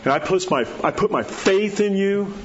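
Man preacher, folksy storyteller, sinks to hushed tones for emphasis, a little muffled with faint room hum. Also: sits high, moderate pace. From New Mexico. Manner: folksy storytelling, drops to a soft hush at key words. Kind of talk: sermon.

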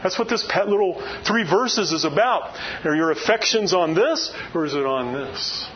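A man's voice: high voice, lively intonation, normal speed, dull audio, a little hiss or hum. An older man preaching a sermon in a folksy way, full of rhetorical questions.

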